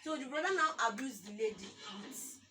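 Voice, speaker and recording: A woman's voice: a little high, moderate pace. A young Nigerian woman with a Nigerian accent, chatting casually as co-host and telling stories animatedly, taking on other people's voices. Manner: animated storyteller acting out quoted people. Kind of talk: casual chat. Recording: far from the mic, with music behind.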